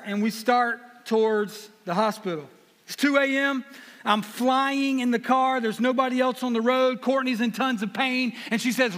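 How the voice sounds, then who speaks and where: Guy preaching, high voice, self-deprecating jokes then earnest stories, big reverby hall. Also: sharp tone. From South Carolina. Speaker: guest preacher. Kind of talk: sermon with personal storytelling.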